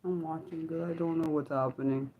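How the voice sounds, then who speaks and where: A young woman with a fairly low voice hosts an unscripted livestream. She chats casually and rambles, filling her sentences with little filler words as she talks to her viewers. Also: fairly even intonation, a little fast, narrow, tinny audio, slight background noise. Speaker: livestream host.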